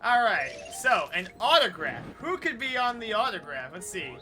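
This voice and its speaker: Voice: medium pitch, sing-song, normal speed, music in the background. A streamer giving wry, jokey commentary while playing a game live. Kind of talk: joking let's-play commentary.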